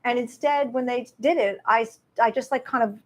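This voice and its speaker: A woman in her sixties, an author being interviewed at a live event, telling her story in an animated way and acting out quoted exchanges. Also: on the high side, fairly quick. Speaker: author and guest.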